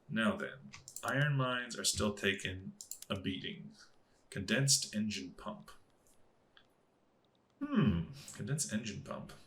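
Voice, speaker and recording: A man's voice: on the low side, fairly bright tone, slight background noise. Man thinking aloud over a strategy game. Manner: musing, thinking aloud while clicking through menus. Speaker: gaming channel host. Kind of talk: casual strategy game commentary.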